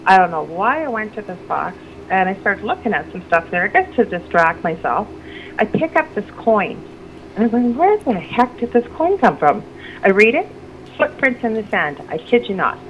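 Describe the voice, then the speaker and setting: A middle-aged woman, speaking at a mid-range pitch and normal speed, tells a personal story as a radio guest. She rambles and restarts her sentences, becoming animated whenever she quotes other people. The lo-fi recording carries noticeable background noise.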